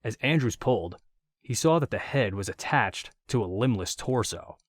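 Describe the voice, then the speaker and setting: A man reading an audiobook story in a steady, measured narration. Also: mid-range voice, no echo.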